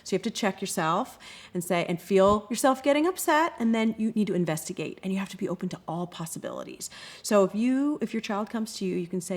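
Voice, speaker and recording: A woman who runs anti-bullying workshops, answering interview questions in an expressive way and often acting out quoted voices. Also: medium pitch, quick pace. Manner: expressive, acts out quoted kids and parents.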